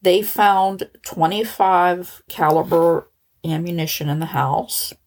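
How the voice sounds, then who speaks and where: A woman hosting a podcast, recounting a true-crime case in a conversational, animated way. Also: on the low side, takes it slowly. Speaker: podcast host.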